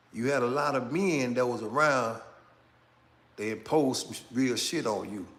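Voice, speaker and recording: A middle-aged man hosting his channel, talking in a slow, casual street style and tagging phrases with "man" and "right?". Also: mid-range voice, fairly bright tone. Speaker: channel host. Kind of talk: casual commentary monologue.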